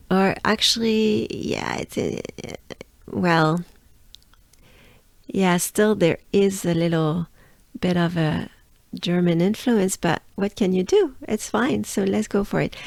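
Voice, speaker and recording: Slow, patient French woman teaching pronunciation. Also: fairly low pitch, gravelly, darkish tone, dry recording. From France. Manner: patient, drills sounds slowly with repetitions. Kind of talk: pronunciation lesson.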